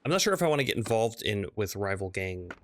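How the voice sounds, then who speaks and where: A man's voice: fairly low pitch, very animated, fast talker, no echo. A man streaming a strategy game, casually muttering and reading game text aloud as he plays. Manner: mumbling, reads game text aloud, trails off quietly. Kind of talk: casual gameplay commentary.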